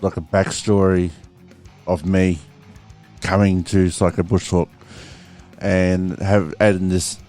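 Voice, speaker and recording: A man's voice: low voice, little pitch movement, slow, pauses often, darkish tone, soft background music. A man hosting a podcast in casual chat, rambling with fillers and plenty of swearing. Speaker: podcast host.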